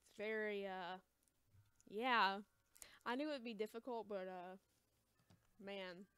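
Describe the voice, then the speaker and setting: A young woman with an American accent chatting casually while selling comics on a livestream, hesitant and rambling, calling herself quiet and awkward. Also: medium pitch, slow, clear, resonant tone, no echo. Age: young adult. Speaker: shop livestream seller. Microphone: close mic, chewing gum.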